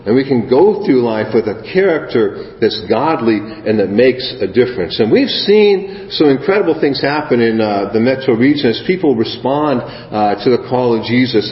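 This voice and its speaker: A man preaching a sermon, telling a lively story and acting out children's voices. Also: mid-range voice, normal speed, hardly any pauses. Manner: animated storyteller, acts out kids' voices. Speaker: guest preacher. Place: church sanctuary. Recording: echoey hall, slightly dull sound.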